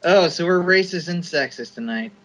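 A man's voice: fairly high pitch, lively intonation, normal speed, very noisy. A man co-hosting a casual wrestling podcast who stammers and jokes. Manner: stammering, joking. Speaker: podcast co-host.

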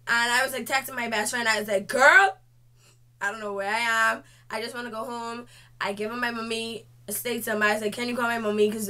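A young woman telling a casual storytime vlog, animated and lively, with slangy asides to her viewers. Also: on the high side.

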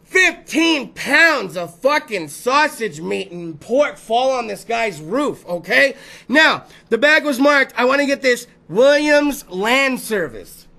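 A man's voice: extremely high pitch, very animated, slow pace, gravelly, pushed and bright. A man hosting a talk show, riffing through rowdy, profane comedic bits and putting on voices for the stories. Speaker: podcast host.

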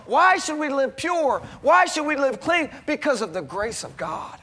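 Bright, high-pitched man preaching a sermon. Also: very animated, measured pace, few pauses. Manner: earnest, exhorting, with emphatic rhetorical questions. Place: college chapel.

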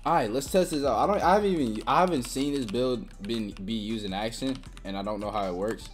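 A young woman giving live gameplay commentary, trash-talking with sudden excited yelps and shouts. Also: extremely low pitch, a little fast, faint music behind. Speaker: gaming channel host.

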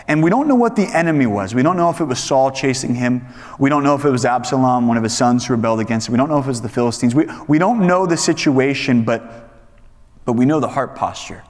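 A man's voice: medium pitch, fast talker, big-room sound. A man in his thirties preaching a casual sermon to young adults, talking conversationally and telling stories with lots of fillers and restarts. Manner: conversational, animated storytelling with many fillers and restarts. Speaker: pastor leading a young adults Bible study.

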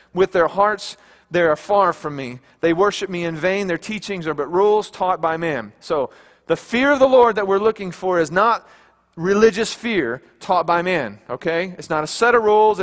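A man's voice: sits high, fairly bright tone, in a large hall. A man preaching a sermon as pastor, talking to his congregation in a conversational way with rhetorical questions. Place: church sanctuary.

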